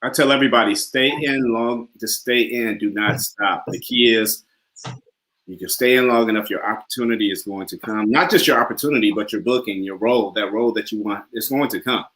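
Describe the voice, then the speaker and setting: A man's voice: on the low side, brisk, fairly bright tone. Upbeat man hosting a casual interview. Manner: upbeat, encouraging, laughs often. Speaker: talk show host.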